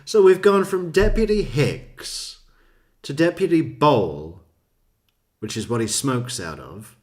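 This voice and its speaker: A man's voice: medium pitch, sing-song, takes it slowly, darkish tone. A man hosting a true crime commentary, joking, laughing often, and stammering through repeated words. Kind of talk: casual commentary.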